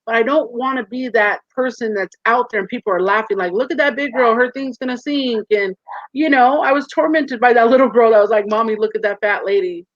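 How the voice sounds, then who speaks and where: A woman in her forties, a guest in a casual interview, telling stories with lively acted-out quotes over a video call. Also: fairly high pitch, brisk, no room sound. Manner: animated storyteller, acts out quoted voices. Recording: muffled dry call audio.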